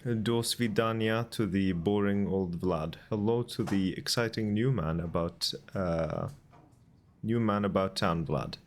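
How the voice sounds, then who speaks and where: A man's voice: on the low side, measured pace, slight background noise. A man voicing a cheerful, hungover Russian man with a jolly, exaggerated Russian accent. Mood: gleeful.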